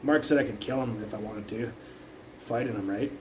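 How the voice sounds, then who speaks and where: A man's voice: mid-range voice, fairly quick, noisy background. Rambling, cursing young man on a phone stream. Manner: rambling, profane, full of fillers and restarts. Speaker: livestreamer. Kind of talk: rambling casual storytelling. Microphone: phone mic.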